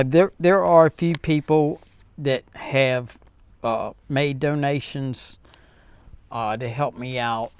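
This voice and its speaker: A man hosting his own vlog, talking earnestly and heartfelt to viewers in a halting way, with many fillers and restarts. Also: mid-range voice, a bit bright, clean tone. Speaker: channel host. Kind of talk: casual vlog talk to viewers.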